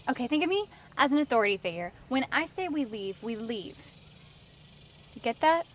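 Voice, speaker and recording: A strong-willed young woman gives firm, blunt orders in a slightly high voice. Faint crickets and night sounds sit behind her. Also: sing-song, normal speed, slight background noise. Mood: bossy. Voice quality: blunt, bossy. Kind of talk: film dialogue.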